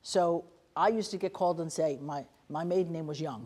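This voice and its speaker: Brief: older woman lecturer, lowish voice, anecdotal and conversational with students. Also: dark tone. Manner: chatty, anecdotal, quotes people in quick asides. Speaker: nursing leader giving a guest lecture. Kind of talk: lively storytelling lecture to students.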